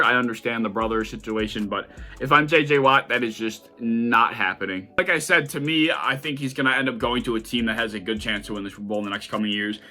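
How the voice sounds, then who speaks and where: Fast-talking young man with a bright voice. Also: medium pitch. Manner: rapid-fire, animated, blunt with casual swearing. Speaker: sports video host. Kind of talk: casual football opinion vlog.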